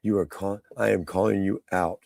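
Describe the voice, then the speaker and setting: A man's voice: low-pitched, fairly even intonation, normal speed, vocal fry, noisy background. A man hosting a casual live stream, rambling through his thoughts and mocking people in the chat. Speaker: livestream host.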